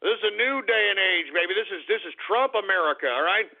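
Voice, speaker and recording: A man hosting a talk radio show who rants in a mocking, profane way as he reads out listener shout-outs. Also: high-pitched, lively intonation, fast. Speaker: radio host. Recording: tinny phone-line radio sound.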